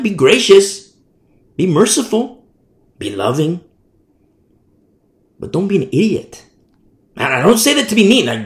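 Blunt, high-voiced male preacher, gravelly. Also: echoey room. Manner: blunt, plain-spoken, mocks opponents. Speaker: pastor. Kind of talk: sermon.

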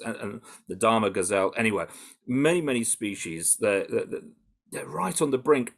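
A British man answering interview questions in an animated, conversational way, with frequent restarts and fillers. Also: fairly low pitch. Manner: animated, full of restarts and "you know". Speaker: campaigner interviewed about undercover research.

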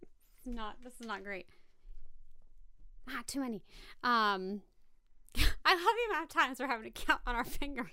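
A woman's voice: on the high side, lively intonation, moderate pace, pauses often, pushed and bright, no room sound. A woman hosting a podcast, playing a word game in casual chat, flustered, giggly and rambling. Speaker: podcast host.

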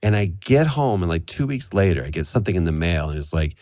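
A man chatting on a podcast as a voice actor guest, an animated storyteller who swears freely. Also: sits low, brisk, hardly any pauses, dry recording, studio quality. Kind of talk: casual podcast chat.

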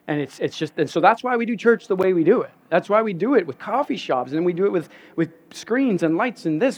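Animated man preaching a sermon. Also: a little high. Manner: animated storytelling, repeats words, laughs at himself. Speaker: pastor.

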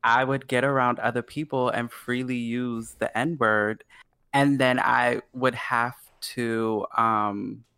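A man's voice: mid-range voice, level tone, slow, vocal fry, bright, forceful tone, clear, resonant tone, dry recording. A man in casual podcast chat, telling a story in a chatty way.

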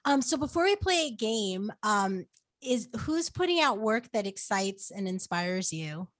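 A woman's voice: medium pitch, very animated, measured pace. A woman hosting a podcast interview, gushing and supportive and using plenty of fillers. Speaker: podcast host. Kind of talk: casual interview.

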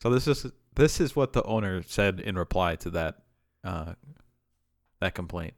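A man's voice: low-pitched, normal speed, no echo, clean studio sound. A man co-hosting a casual podcast chat, cracking goofy jokes and asides. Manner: joking, goofy asides, lively intonation. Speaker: podcast co-host.

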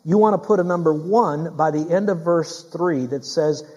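Emphatic preacher, man with a higher voice. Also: moderate pace, a little mellow, muffled recording. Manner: emphatic, repeats key phrases, questions the congregation directly. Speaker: pastor. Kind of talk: sermon.

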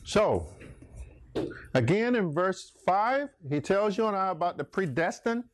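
A man's voice: high-pitched, very animated, a little slow, no echo. A man preaching a sermon, emphatic, calling out listeners by name. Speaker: pastor.

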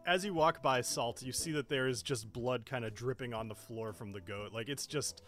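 A young man narrating as game master for a tabletop game, chatty and quick to laugh. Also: mid-range voice, fairly bright tone, faint music behind. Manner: chatty, laughs often, frequent restarts.

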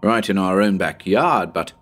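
A man voicing a cranky elderly male professor with a squeaky voice and a severe, scornful manner. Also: a little slow. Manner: severe, contemptuous, excitable.

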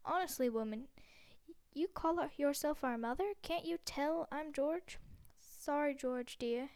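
A woman's voice: high-pitched, measured pace, a little mellow, no echo. A woman voicing a cheeky teenage boy who teases his mother with mock outrage in a storybook reading. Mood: teasing. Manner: teasing, mock-indignant.

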